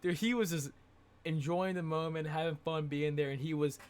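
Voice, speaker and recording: A young man telling a casual, rambling vlog story, excitable and full of filler words. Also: a little high, normal speed, smooth. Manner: excitable, rambling, says dude and like a lot. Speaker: vlogger.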